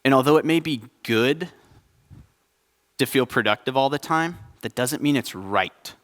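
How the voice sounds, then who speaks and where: A man's voice: mid-range voice, expressive, unhurried, a bit bright, in a large hall. A young adult man preaching a conversational sermon at a church service, joking and asking the congregation questions. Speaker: pastor.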